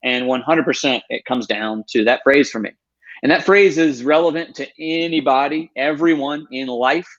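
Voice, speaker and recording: A man in his thirties, a podcast guest telling his own story in an earnest, animated way. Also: mid-range voice, moderate pace, muffled recording. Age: 30s.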